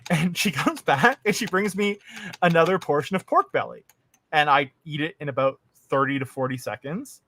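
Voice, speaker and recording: A man casually telling a funny travel story, animated, putting on higher voices for the people he quotes. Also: normal speed, slight background noise. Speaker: podcast co-host.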